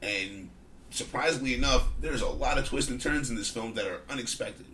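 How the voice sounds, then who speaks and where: A man co-hosting a casual comedy movie podcast, chatty and quick with apologetic asides. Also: mid-range voice, bright, forceful tone, echoey room, a little hiss or hum, rough recording. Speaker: podcast co-host.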